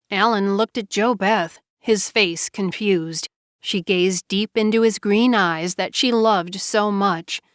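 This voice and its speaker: A woman narrating a novel with even, unhurried storytelling. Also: medium pitch, dry recording, clean studio sound. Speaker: audiobook narrator. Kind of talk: scripted narration.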